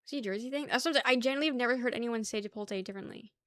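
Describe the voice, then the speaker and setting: A woman's voice: on the high side, rapid-fire, a bit bright, clear, resonant tone, dry recording, studio quality. A young woman hosting a casual livestream, chatting loosely with her viewers, swearing and laughing often. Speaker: livestream host. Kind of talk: casual chat with chat.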